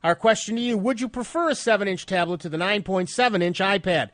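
Male radio tech host, stuffed-up, higher pitch, dry close sound, wry and chatty. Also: fast, fairly bright tone, dry recording. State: stuffed up nose. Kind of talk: radio tech talk and news reading.

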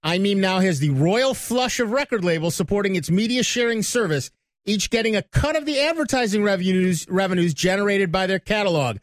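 A man's voice: high voice, a little fast, no room sound. A man hosting a call-in tech radio show, reading news items and bantering with co-hosts. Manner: chatty, reads news items then banters. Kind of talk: casual tech talk radio. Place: radio studio.

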